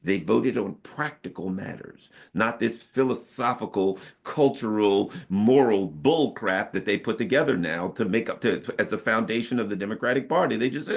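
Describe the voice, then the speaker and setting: A man's voice: on the low side, animated, normal speed, creaky, hardly any pauses. A man from the United States giving emphatic, casual political commentary with frequent rhetorical asides.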